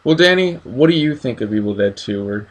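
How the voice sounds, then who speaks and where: A man's voice: medium pitch, expressive, brisk, a crowd in the background. Enthusiastic man hosting a movie review. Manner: enthusiastic, asks questions. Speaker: host of a horror review channel. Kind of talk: casual review chat.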